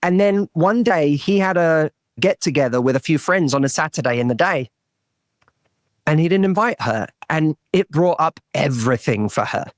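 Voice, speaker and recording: A man speaks in a slightly higher register, earnest and searching as he tells a story, often stumbling and restarting mid-sentence. The sound is close and dry, with almost no room around it. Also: animated, moderate pace, no echo. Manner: earnest, restarts and repeats words while telling a story. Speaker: relationship coach, podcast guest. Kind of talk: storytelling in a podcast interview.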